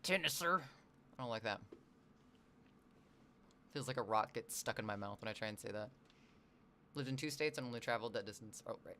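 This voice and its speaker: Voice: mid-range voice, brisk, long pauses, sharp tone. A livestreamer from the US Northwest who chats casually with viewers, reads chat messages aloud, rambles and swears now and then.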